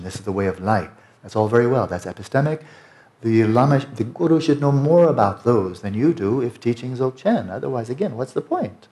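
Emphatic, fairly low-voiced American man. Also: darkish tone. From United States. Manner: emphatic, conversational, repeats tag questions. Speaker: meditation teacher. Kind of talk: dharma talk to retreat students.

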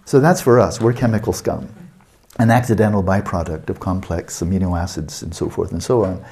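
Brief: male meditation teacher, lecture delivery, low mellow voice, rhetorical and emphatic. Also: brisk, gravelly. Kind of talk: spoken dharma lecture.

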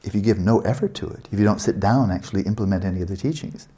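A man's voice: lowish voice, very fast, warm tone. A man teaching meditation in a blunt, sarcastic, conversational way, mocking the excuses students make. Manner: blunt and sarcastic, mimics students' doubting thoughts. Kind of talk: dharma teaching talk.

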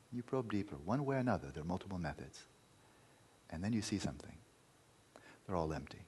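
A man's voice: sits low, darkish tone, slightly rough. A man teaching meditation in a dharma talk, emphatic, repeating key words and at times dropping to a near-whisper.

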